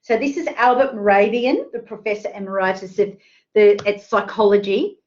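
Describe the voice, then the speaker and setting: A woman's voice: medium pitch, moderate pace, darkish tone, dull audio. A woman presenting an online careers workshop, chatty and full of fillers, asking the audience questions. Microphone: video call.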